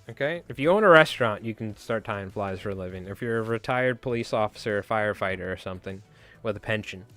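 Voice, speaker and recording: A man's voice: medium pitch, a bit bright, smooth, no echo. A man hosting a casual fly-tying livestream, rambling and joking with some swearing.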